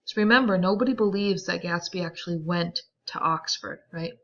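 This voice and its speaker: A woman teacher explaining a novel to a class, chatty and animated, with many fillers. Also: fairly low pitch, brisk, muffled recording. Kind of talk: classroom reading and commentary.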